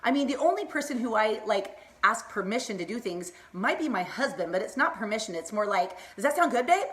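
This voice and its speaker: A woman in her thirties giving an excitable, casual pep talk on a live stream, laughing often and greeting viewers by name. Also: mid-range voice, fairly quick. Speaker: motivational vlogger hosting a live stream.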